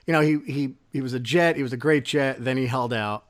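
A man co-hosting a sports podcast, talking in casual chat and going off on animated rants. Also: medium pitch, a little fast. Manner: ranting, animated complaints. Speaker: podcast co-host.

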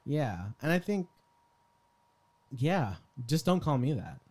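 A man's voice: on the high side, very animated, takes it slowly, darkish tone. A young man co-hosting a casual podcast chat. He talks in an easygoing way, laughs often and trails off mid-sentence. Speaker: podcast co-host.

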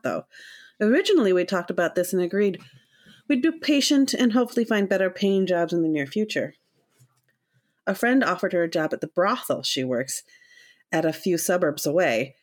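Female co-host, low-ish voice, steady supportive advice and letter reading. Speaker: podcast co-host. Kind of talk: casual advice chat, reading listener letters.

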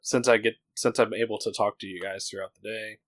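A man in his thirties talks in a rambling, candid way, filling his sentences with "like." His voice sits a little low. The sound is dry and close, with no room around it. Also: steady tone, a little fast, fairly bright tone, no room sound, rough recording. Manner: rambling, many "like" fillers, candid. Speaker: podcast co-host. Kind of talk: casual chat.

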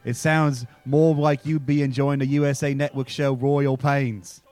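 A man's voice: medium pitch, little pitch movement, a little slow, a little mellow, natural voice. A man voicing a crude, boastful British pub bloke in a put-on British accent, stumbling and repeating words. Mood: blustering. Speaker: podcast co-host.

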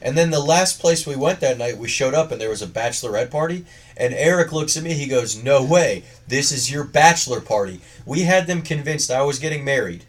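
A man's voice: on the high side, animated, brisk, distant mic. Young man, loose profane banter, sits a little back from the mic. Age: young adult. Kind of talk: casual chat.

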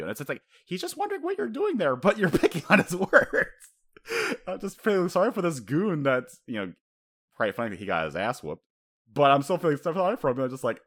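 A man co-hosting a casual chat, talking in an animated way, laughing often and acting out quotes. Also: on the high side, fairly quick.

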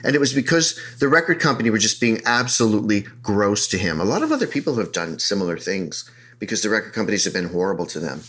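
A middle-aged man co-hosting a podcast, chatty and blunt, with a bright edge in his voice. His pitch moves a lot as he talks. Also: very animated, quick pace. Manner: chatty, blunt, swears freely. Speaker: podcast co-host. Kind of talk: casual podcast banter.

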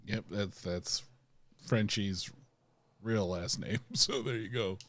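Low-voiced man, dry close sound. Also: slow, fairly bright tone, no room sound. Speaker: podcast co-host. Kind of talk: casual chat reviewing a TV episode.

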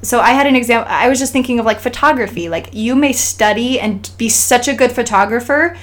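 A woman's voice: fairly high pitch, fairly quick, fairly bright tone. A woman from Idaho co-hosting a podcast, talking earnestly and encouragingly in casual chat, with many restarts and fillers. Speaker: podcast co-host.

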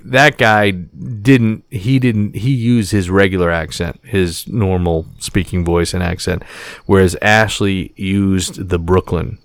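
Rambling, swearing podcast host. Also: male voice, on the low side, no room sound, clean studio sound. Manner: rambling, profane storytelling with many restarts. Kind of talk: casual chat.

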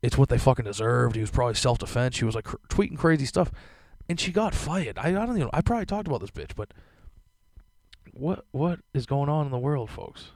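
A man's voice: on the high side, very animated, a little fast, a little mellow, dry recording. A young man hosting a podcast, ranting casually with lots of fillers and swearing. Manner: profane, rambling, filler-heavy. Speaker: podcast host. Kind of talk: casual rant.

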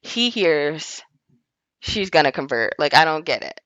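A woman's voice: low-pitched, big pitch swings, unhurried, a bit bright, no room sound, highs cut off. A woman co-hosting a podcast, chatting casually and laughing often as she recaps a reality show. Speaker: podcast co-host.

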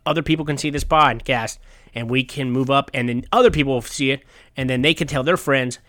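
A young man hosts a casual sports podcast with a bright, forward voice. He rambles and jokes playfully. The recording is dry and close. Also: medium pitch, brisk, no room sound. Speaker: podcast host.

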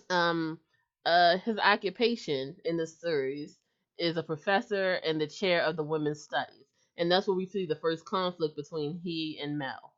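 Casual podcast co-host, woman, lowish bright voice, slightly muffled recording. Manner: steers the talk with questions. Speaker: podcast co-host leading the discussion.

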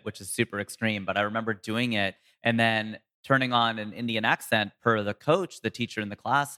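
A comedian and voice actor in a casual interview, telling stories with sudden jumps in pitch for emphasis. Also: male voice, pushed and bright, long reverb tail.

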